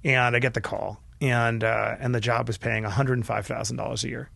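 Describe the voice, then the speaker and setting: A middle-aged man, a podcast guest, telling a candid personal story earnestly and with feeling, often restarting his sentences and dropping his voice quietly. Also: mid-range voice, little pitch movement, a little fast, gravelly, no room sound. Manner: earnest and emotional, with frequent restarts and quiet dips.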